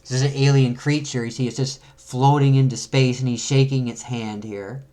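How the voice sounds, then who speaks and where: A man's voice: mid-range voice, fairly even intonation, warm tone. Chatty man reading a comic aloud. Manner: chatty, reads panels aloud with quick character voices. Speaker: comic book reviewer. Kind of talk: casual read-through of a comic.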